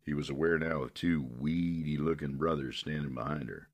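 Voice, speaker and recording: A man narrating a western novel in a steady, measured way. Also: a bass voice.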